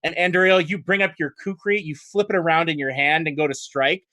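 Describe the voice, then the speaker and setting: A man running a tabletop game as game master, narrating with animated, chuckling energy and frequent hesitations. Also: fairly high pitch, fairly quick, dry recording.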